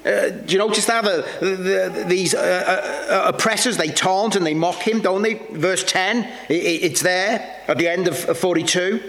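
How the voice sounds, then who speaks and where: A man's voice: high voice, a bit bright. Earnest preacher man in a reverberant hall. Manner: earnest, searching delivery with many halting repeats. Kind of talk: sermon. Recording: long reverb with faint background noise.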